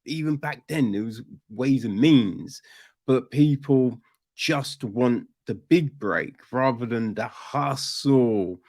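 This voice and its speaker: A man's voice: medium pitch, takes it slowly, a little mellow. A man chatting casually about a film on a podcast, rambling with restarts and asking "right?" often. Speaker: podcast host, film reviewer. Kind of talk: casual chat.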